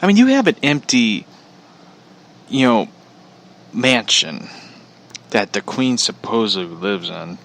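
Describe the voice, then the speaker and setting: A man's voice: mid-range voice, huge pitch swings, takes it slowly, vocal fry, pauses often, fairly bright tone. A man from Missouri hosting a podcast, ranting casually in a blunt, profane, rambling way. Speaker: podcast host. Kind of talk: casual rant.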